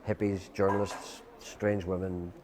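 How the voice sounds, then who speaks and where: A man's voice: low voice, level tone, a little slow, a little mellow, a little hiss or hum. An Irish man, a guest musician, telling a long rambling anecdote, quoting people's lines and filling with "you know".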